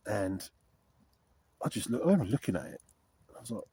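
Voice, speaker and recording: A man's voice: on the low side, big pitch swings, a little fast, pauses often, mellow, slight background noise. A middle-aged man chatting candidly and rambling to camera while camping outdoors in a frosty wood. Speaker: wild camping vlogger. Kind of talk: casual rambling chat to camera.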